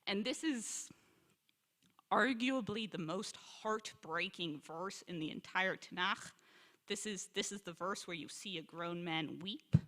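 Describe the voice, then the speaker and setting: A woman teaching a congregation as a visiting scholar, telling the stories with energy, quoting Hebrew and asking the room questions. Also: medium pitch. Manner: animated storyteller, quotes Hebrew and asks the room questions. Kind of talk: lively teaching talk to a congregation. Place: synagogue sanctuary. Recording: long hall reverb.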